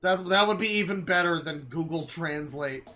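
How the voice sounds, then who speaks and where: A man's voice: fairly high pitch, normal speed, crowd noise. A man streaming live, reacting to videos with sarcastic, exasperated, profane rants.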